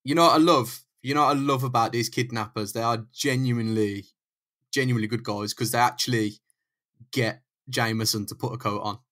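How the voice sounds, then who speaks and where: Bright-voiced man riffing jokes. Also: medium pitch, steady tone, brisk. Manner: jokey, riffing on absurd scenarios. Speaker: podcast co-host. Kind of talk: casual comic chat.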